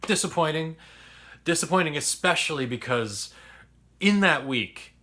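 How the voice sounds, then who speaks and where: Low-pitched, forceful male podcast host; candid, rambling storyteller. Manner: candid, rambling, swears freely. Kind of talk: casual personal storytelling.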